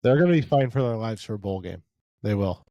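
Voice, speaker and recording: A man co-hosting a casual sports podcast, telling stories in a relaxed way. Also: on the low side, quick pace, no room sound, lo-fi sound. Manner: relaxed storytelling, laughs easily. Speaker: podcast co-host.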